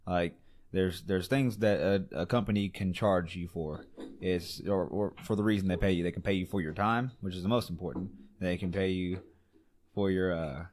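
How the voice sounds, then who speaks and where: A man with a very deep voice co-hosts a podcast in casual talk. He is blunt and swears freely, and he rambles as he makes his points. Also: steady tone, normal speed, darkish tone, a little hiss or hum. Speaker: podcast co-host. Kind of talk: casual chat.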